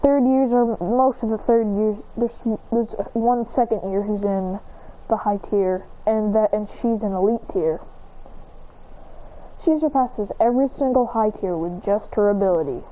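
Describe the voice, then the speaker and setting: A woman's voice: medium pitch, measured pace. Rambling woman telling a story over a tinny line. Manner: rambling, with frequent self-corrections. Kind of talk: casual improvised storytelling. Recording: tinny phone-like sound.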